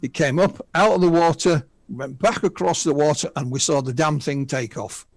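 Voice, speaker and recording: A man's voice: a little high, normal speed, gravelly, no room sound. Northern English man in his sixties. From north of England. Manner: chatty, retells witness accounts with laughs and asides. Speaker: guest UFO researcher. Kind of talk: casual radio interview storytelling.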